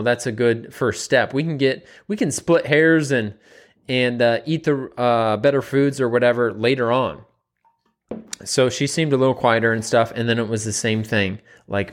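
Man, nutrition coach, casual monologue, rambling, fillers and repeats. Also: on the low side.

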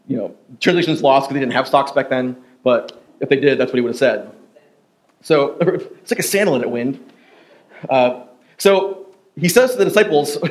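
A man preaching a sermon in a church, casual and joking, full of fillers and asides. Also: mid-range voice. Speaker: pastor. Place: church sanctuary.

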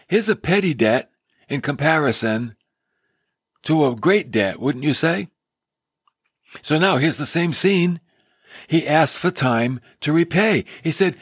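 A man preaching a sermon, retelling a parable with animated storytelling and acting out the characters. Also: fairly high pitch, moderate pace, husky, dry recording, studio quality.

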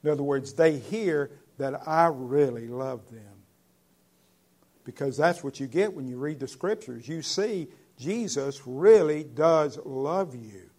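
A man preaching a sermon in an earnest, conversational way, with sudden loud stresses on key words. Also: on the high side, animated, slow pace. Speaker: pastor.

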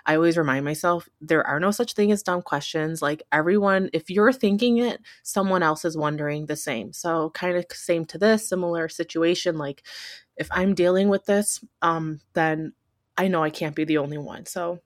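A woman's voice: lowish voice, moderate pace, no echo, clean studio sound. A woman hosting a podcast, telling a personal story in a candid, emotional way, with lots of "like" and "you know". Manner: rambling, heavy use of filler words like "like" and "you know". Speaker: podcast host.

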